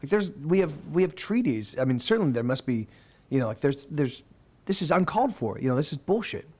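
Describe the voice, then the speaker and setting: A man's voice: on the high side, sing-song, a little fast, darkish tone. A man voicing an indignant, defiant older elf with a British accent.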